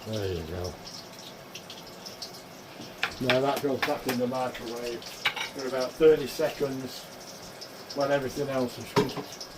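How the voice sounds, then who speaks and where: In his home kitchen, a man cooks while casually chatting with his viewers, calling them folks. The vlogger speaks at a moderate pace in a mid-range voice, with a sizzling pan and tap water running in the background.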